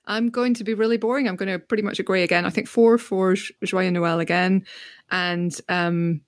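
A woman hosting a podcast in casual chat, lively and playful, with her voice jumping up in pitch when she gets excited. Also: normal speed, dry recording, studio quality. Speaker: podcast host.

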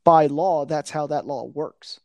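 A man's voice: fairly high pitch, a little slow, warm tone, no room sound. A man in casual conversation, blunt and profane, ranting with a conspiratorial tone. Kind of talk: casual chat.

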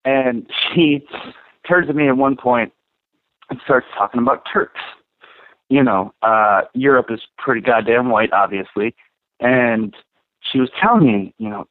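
A man's voice: mid-range voice, a little slow, no room sound. Profane man telling a story over a tinny line. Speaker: podcast co-host. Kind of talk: casual storytelling. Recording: tinny phone-like dry sound.

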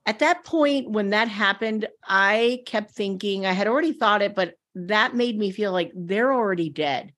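Woman co-host, mid pitch, speculative casual talk. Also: normal speed, hardly any pauses, fairly bright tone. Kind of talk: casual chat.

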